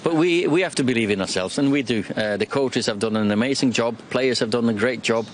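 A man's voice: medium pitch, brisk, slight background noise. A man with a Norwegian accent, a football manager speaking plainly and upbeat in an interview clip. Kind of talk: post-match interview clip.

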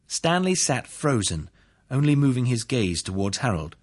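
A man narrating a courtroom story in a steady, even reading. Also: medium pitch, moderate pace.

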